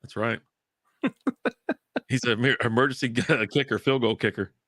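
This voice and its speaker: Bright-voiced man in casual profane chat. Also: medium pitch, a little slow, no echo, studio quality. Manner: loose, profane, mocking asides. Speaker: co-host.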